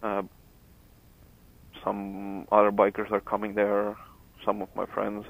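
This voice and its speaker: A man's voice: lowish voice, monotone, slow pace, vocal fry, no echo. A young man vlogging casually from his motorcycle, talking through a helmet headset with loose, stumbling restarts. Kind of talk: casual chat while riding. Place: on a motorcycle outdoors. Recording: tinny phone-like headset audio.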